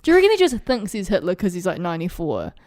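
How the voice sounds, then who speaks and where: A woman's voice: fairly low pitch, huge pitch swings, darkish tone. A woman co-hosting a casual podcast chat, wry and sarcastic. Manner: wry, sarcastic, quick with jokes. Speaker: podcast co-host.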